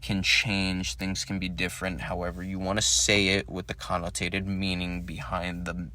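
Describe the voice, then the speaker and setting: A man's voice: sits low, level tone, moderate pace, pushed and bright, no room sound. A man hosting a solo podcast, talking in a rambling monologue that searches for words and swears casually. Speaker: podcast host.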